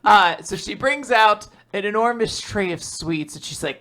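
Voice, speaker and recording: A man casually recapping a manga chapter on a podcast, acting out characters' lines in quick put-on voices. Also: high-pitched, expressive, pushed and bright. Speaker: podcast co-host.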